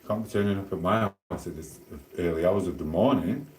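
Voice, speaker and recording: Matey Sheffield man, low mellow voice. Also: fast talker, a little hiss or hum. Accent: Sheffield Yorkshire. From Sheffield, South Yorkshire. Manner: rambling, matey banter with chat. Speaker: livestream host. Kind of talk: casual livestream chat while cooking. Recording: roomy echoing room.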